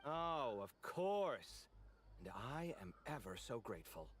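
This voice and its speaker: An actor playing a dramatic, fussy young male architect in a video game, expressive and sarcastic. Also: medium pitch, takes it slowly, a little hiss or hum. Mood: earnest, teasing. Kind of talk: game voice acting.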